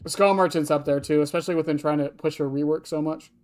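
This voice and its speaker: A fast-talking game streamer at an indoor desk rambles casually to viewers, answering questions from chat and occasionally swearing. Pitch is medium, the intonation fairly even, and the tone a little mellow.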